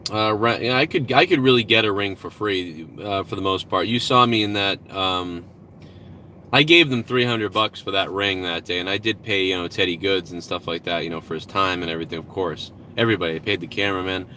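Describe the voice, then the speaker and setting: Brief: male streamer, bright and forceful, slightly low voice, rambling and profane, outdoors with faint traffic behind. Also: brisk. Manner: rambling, profane, reads out donations. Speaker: live-stream host. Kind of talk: casual live-stream chat.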